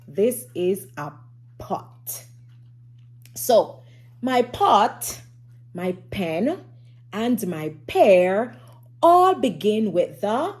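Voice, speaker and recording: Woman, children's phonics teacher, slow and very animated, sing-song delivery with hushed asides. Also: medium pitch. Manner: slow, sing-song and encouraging, drops to whispers for suspense. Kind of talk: phonics lesson for young children.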